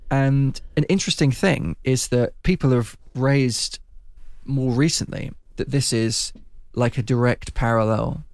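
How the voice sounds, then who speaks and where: A man with a gravelly, creaky voice chats easily while recapping a film. His sound is close and dry. He keeps it loose, with laughs and quick asides. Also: medium pitch, darkish tone, dry recording. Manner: chatty, laughing, puts on voices when quoting. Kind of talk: casual chat recapping a film.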